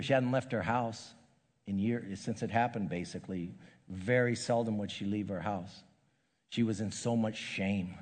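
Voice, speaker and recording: An older man preaching a sermon, halting and restarting his words, often dropping to a hushed, soft tone. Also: on the low side, long reverb tail. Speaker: pastor.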